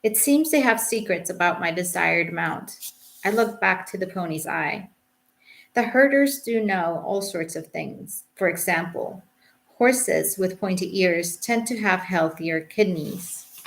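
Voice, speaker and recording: Gravelly-voiced English woman reading her memoir. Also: on the low side, lively intonation, measured pace. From England. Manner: reflective, dry understatement. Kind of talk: audiobook memoir narration.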